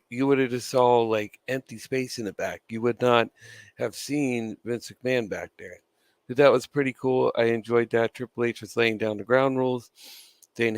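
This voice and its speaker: A medium-pitched man, recorded dry, chews gum with a dry mouth while riffing as a wrestling news vlogger. His commentary is casual and opinionated, full of swearing, with laughs between points.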